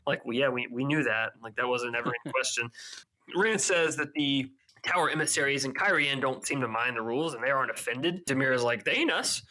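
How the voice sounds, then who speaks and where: Bright-voiced man recapping chapters. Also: mid-range voice, poor audio. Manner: retells scenes with quick put-on character voices. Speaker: podcast co-host. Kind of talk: casual book recap chat.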